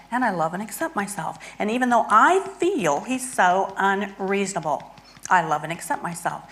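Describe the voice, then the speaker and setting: A woman's voice: mid-range voice, animated, moderate pace, fairly bright tone, a little hiss or hum, low-quality recording. A woman guest expert explaining and demonstrating a therapy toy, earnest and hands-on. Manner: earnest, demonstrates by acting out feelings. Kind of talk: instructional demonstration.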